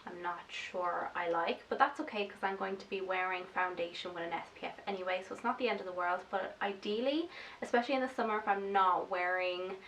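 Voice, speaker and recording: A woman's voice: fairly low pitch, brisk, a bit bright, distant mic, a little hiss or hum, rough recording. A woman talking through her skincare routine in a chatty, casual tutorial, explaining each step with fillers like "like" and "um". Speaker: makeup vlogger. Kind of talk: casual get-ready-with-me tutorial.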